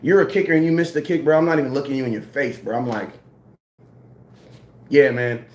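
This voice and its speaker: A man ranting casually about football, slangy and animated, repeating his points. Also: fairly high pitch, rapid-fire, reverberant. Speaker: sports commentator. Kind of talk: casual sports rant.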